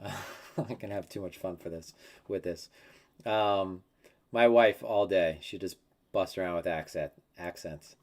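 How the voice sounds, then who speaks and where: A man with a lowish voice rambles easily through his crypto charts on a live analysis stream. He slips into offhand mock quotes and talks it out as he thinks. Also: a little mellow. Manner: rambling and conversational, with many fillers and mock quotes.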